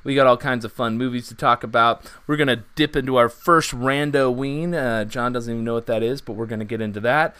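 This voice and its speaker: A man's voice: medium pitch, fairly quick, hardly any pauses, pushed and bright, clean tone, dry recording. A man hosting a podcast in casual chat, upbeat and rambling through long lists with restarts. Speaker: podcast host.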